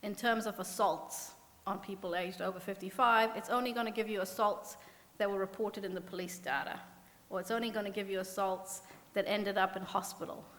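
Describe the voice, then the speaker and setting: Her voice sits mid-range, fairly even in intonation, brisk and slightly bright, as this New Zealand economist presents at a conference from the symposium panel. She's earnest, self-deprecating, and prone to fillers and restarts. A podium mic captures her in a conference hall with long reverb.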